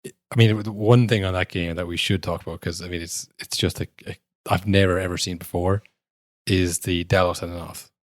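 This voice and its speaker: A man chats football on a podcast in a slightly low voice. He jumps into little acted-out exchanges between referees and players to make his points. The recording is close and dry, with no room sound. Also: fairly quick, dry recording. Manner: animated, acts out quoted referees and players. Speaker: podcast co-host. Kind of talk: casual football chat.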